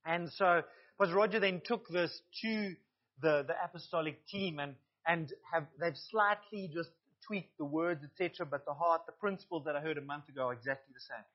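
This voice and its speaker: A man's voice: on the high side, a little fast, highs cut off. A male pastor preaching a sermon to his congregation, earnest, with asides to the listeners.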